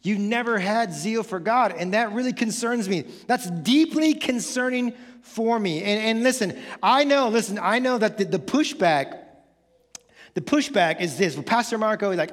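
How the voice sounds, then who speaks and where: Male pastor, high-pitched and animated, preaching in a big echoing church sanctuary. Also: normal speed. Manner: animated, builds to excited shouting; acts out quoted congregants in casual voices. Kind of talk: sermon.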